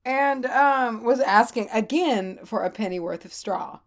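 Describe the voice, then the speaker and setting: Podcast co-host, woman, high voice, animated storyteller, swears casually. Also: unhurried. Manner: animated, swears freely, laughs often.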